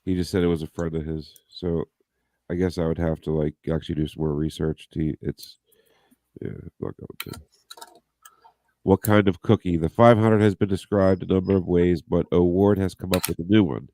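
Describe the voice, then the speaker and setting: A man with a low, deep voice co-hosts a casual podcast. He reads news items aloud and breaks off into profane jokes. The sound is dry and close to the mic. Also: fairly even intonation, normal speed, mellow, no echo. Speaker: podcast co-host.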